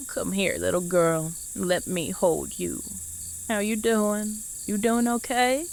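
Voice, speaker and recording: A woman's voice: mid-range voice, steady tone, slow, gravelly, darkish tone. A woman playing a doting, gossipy mother in an audio drama. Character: chatty Southern trailer-park mother, nosy and doting.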